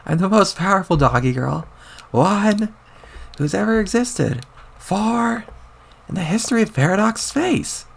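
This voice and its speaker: A man voicing a haughty tyrant woman, shrill and indignant. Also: lively intonation, unhurried, gravelly, heavily acted. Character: haughty tyrant woman losing her cool.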